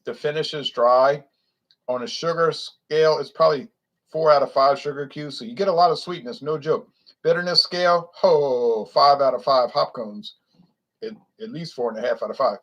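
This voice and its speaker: A man's voice: fairly high pitch, normal speed, a bit bright, muffled recording. A man with a Louisiana accent reviewing beer in a casual, rambling, opinionated way that wanders off topic. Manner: opinionated, blunt, digressive.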